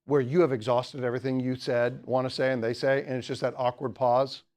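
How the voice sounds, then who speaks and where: A man's voice: mid-range voice, level tone, a little fast, darkish tone. A young man teaching a student club in a humorous lecture, teasing the audience and chatting with lots of fillers. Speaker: teacher giving a talk.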